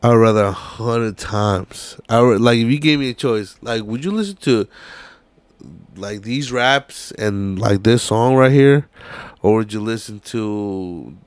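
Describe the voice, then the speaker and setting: A man's voice: lowish voice, unhurried, smooth, no room sound. A young man hosting a podcast, ranting casually and profanely while hunting for a video on his phone. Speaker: podcast host.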